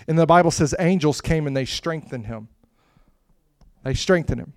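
A man preaching a sermon with impassioned delivery that swells to loud, emphatic peaks and drops to soft, hushed lines. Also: a little high, a little fast, smooth, no echo, studio quality.

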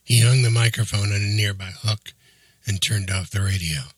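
Low husky guy reading an audiobook, steady and even, super dry close mic. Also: normal speed, dry recording. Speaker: narrator. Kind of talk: audiobook narration.

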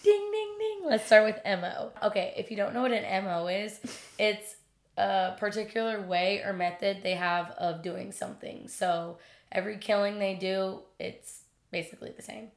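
A woman's voice: mid-range voice, fairly even intonation, normal speed. A young woman co-hosting a casual podcast, giggling often and saying "like" and "okay" a lot. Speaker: podcast co-host. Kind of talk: casual chat.

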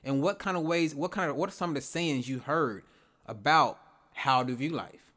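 A man's voice: a little high, moderate pace, pushed and bright. A man hosting a podcast, talking through his ideas in a loose, rambling monologue, repeating himself and asking rhetorical questions. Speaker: podcast host. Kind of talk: casual reflective monologue.

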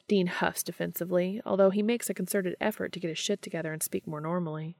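Woman reading a story aloud, low gravelly voice, soft intimate delivery, dry close sound. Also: steady tone, fast, hardly any pauses, no echo. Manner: soft, intimate reading with hushed, unvoiced dialogue. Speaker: fanfiction podcast reader. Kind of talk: narrated reading of fan fiction.

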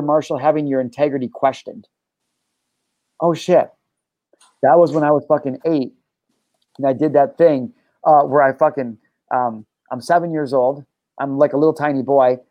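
A man's voice: fairly high pitch, mellow, dry recording, low-quality recording. A man hosting a talk show and coaching listeners in an intense, profane, preachy monologue. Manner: intense, swears freely, preachy. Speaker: podcast host and life coach.

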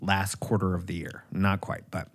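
A man co-hosting a podcast, trading dry jokes and deadpan one-liners in casual chat. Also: low voice, moderate pace. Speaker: podcast co-host.

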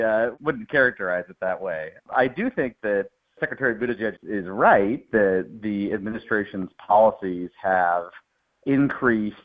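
A man who is an economist guest on a podcast, explaining calmly and in a measured way, heard over a remote line. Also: lowish voice. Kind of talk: interview answers. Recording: tinny phone-like remote line.

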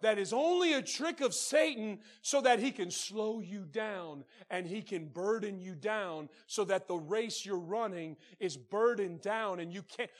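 A man preaching a sermon as pastor. He calls out to the congregation and swings from soft, low passages to shouted preaching.

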